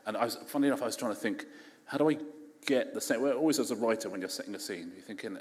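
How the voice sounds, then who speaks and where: A man's voice: on the low side, very fast. A man with an English accent, an author chatting on stage at a festival in a chatty, self-deprecating, joking way. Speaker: author guest. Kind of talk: casual onstage conversation. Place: large festival hall on stage. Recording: echoey hall, faint background noise.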